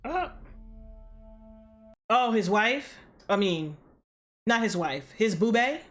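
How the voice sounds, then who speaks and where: A woman hosting a reaction video, recapping an episode in an animated, slangy, profane way. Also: a little high, slow pace, soft background music.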